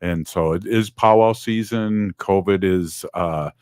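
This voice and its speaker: A man's voice: low voice, a little slow, darkish tone, clean tone, no room sound, studio quality. A man hosting a radio show, chatting casually in a rambling way with fillers and restarts.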